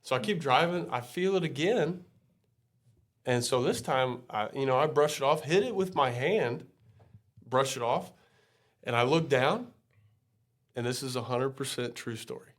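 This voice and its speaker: Animated male storyteller on a podcast. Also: medium pitch, a little slow, long pauses. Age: adult with a young son. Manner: animated storytelling, acts out screams and voices. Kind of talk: casual podcast chat.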